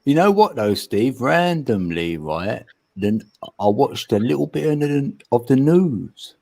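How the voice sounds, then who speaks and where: A man's voice: mid-range voice, very animated, a little slow, gravelly, dark tone. A man from the UK joking around in a casual group voice chat, laughing often. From United Kingdom.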